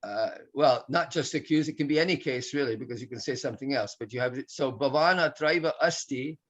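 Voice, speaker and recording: A man's voice: mid-range voice, a little fast, muffled recording. A man teaching a Sanskrit class, patiently explaining grammar with many restarts and fillers.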